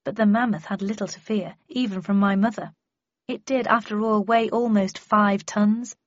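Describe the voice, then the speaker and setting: A woman narrating a story in the first person in an even, wry manner. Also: mid-range voice, normal speed, no room sound, dull audio. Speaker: audiobook narrator.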